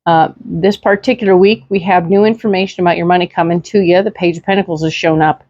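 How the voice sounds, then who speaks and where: A woman's voice: lowish voice, fairly even intonation, fast, a little mellow, dry recording, highs cut off. A woman giving a casual tarot reading in a chatty, reassuring way, with many fillers and tag questions, speaking into a desk microphone. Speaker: tarot reader.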